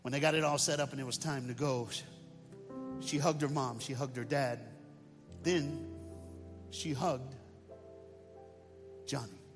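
A man's voice: mid-range voice, fairly even intonation, measured pace, long pauses. A man preaching as a guest speaker, telling a story in a dramatic, colloquial way. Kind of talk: sermon storytelling. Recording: long hall reverb, faint music.

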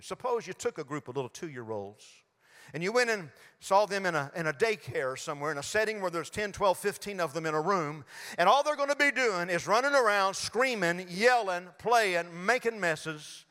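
A man's voice: high voice, animated, moderate pace, pushed and bright, big-room sound. An older man preaching a sermon in a folksy storytelling way, acting out little voices as he goes. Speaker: pastor.

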